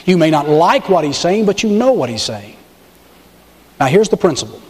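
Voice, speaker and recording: A man's voice: on the high side, sing-song, moderate pace, darkish tone, in a large hall. A male pastor preaching a sermon in a church, stressing key words and pressing the congregation to respond. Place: church sanctuary with balcony and choir.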